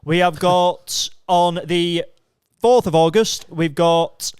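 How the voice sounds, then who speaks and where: A man co-hosting a podcast, talking eagerly and enthusiastically and thinking out loud. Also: high voice, takes it slowly, clear, resonant tone, dry recording, clean studio sound. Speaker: podcast co-host. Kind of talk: casual podcast chat.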